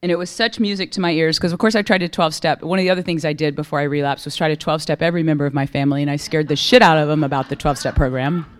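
A woman with a low, steady voice talks rapidly and barely pauses as she shares a frank, conversational recovery story at a meeting. She checks in with her listeners constantly, asking "right?" again and again.

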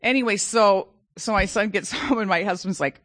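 A woman's voice: medium pitch, moderate pace, hardly any pauses, a bit bright, dry recording. A middle-aged woman telling a personal story in a dramatic, self-mocking way.

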